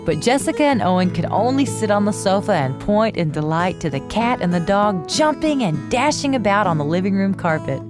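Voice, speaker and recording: Woman reading a lively bedtime story. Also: medium pitch, brisk, hardly any pauses, music in the background. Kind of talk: bedtime story read-aloud.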